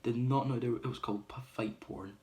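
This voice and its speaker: A man's voice: medium pitch, steady tone, brisk. A man casually recapping a film's plot, rambling with lots of ums and uhs. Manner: acts out quoted lines loudly. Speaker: movie reviewer. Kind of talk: casual spoiler review.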